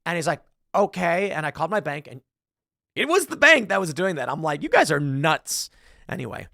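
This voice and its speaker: A man hosting a talk show, reading an article aloud and retelling stories in a sarcastic, animated way. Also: a little high, brisk, vocal fry, no echo, clean studio sound. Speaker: podcast host.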